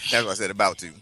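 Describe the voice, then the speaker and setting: A man's voice: mid-range voice, sharp tone, breathy edge. A man co-hosting a casual chat, telling a laid-back joking anecdote. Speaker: podcast co-host.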